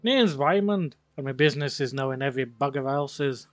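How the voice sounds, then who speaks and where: A man's voice: mid-range voice, normal speed, dry recording, dull audio, soft background music, close to an everyday voice. A man reading a brash streetwise informant's lines. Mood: cheeky. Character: cheeky streetwise male city informant.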